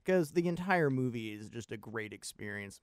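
A man's voice: medium pitch, animated, moderate pace, no echo, studio quality. A man co-hosting a movie podcast, talking in a rambling, profane, enthusiastic way. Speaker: podcast co-host. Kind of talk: casual movie podcast chat.

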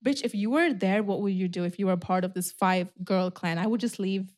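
A young woman in her twenties co-hosting a casual chat, loud and animated, swearing often. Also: medium pitch, brisk.

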